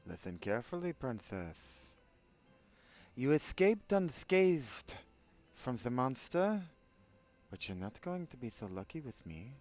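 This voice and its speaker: A man's voice: medium pitch, sing-song, slow pace, darkish tone, pitched above the performer's own voice. A menacing game bounty huntress, put on by a man, with a lisp and a stab at a Castilian Spanish accent. The voice swoops around as she taunts, over faint music. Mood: taunting. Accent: attempted Castilian Spanish. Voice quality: lisping. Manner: taunting, threatening.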